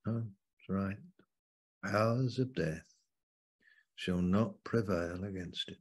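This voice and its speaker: A man preaching as a Bible teacher over a video call, slow and fervent, leaning hard on key words. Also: fairly low pitch, mellow.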